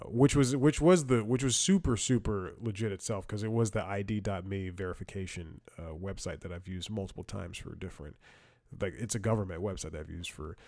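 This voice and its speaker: A man's voice: on the low side, darkish tone. A man hosting a comedy show, telling rambling stories with frequent chuckles and restarts, wry and blunt. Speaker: comedy podcast host. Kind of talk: rambling comedic storytelling and commentary.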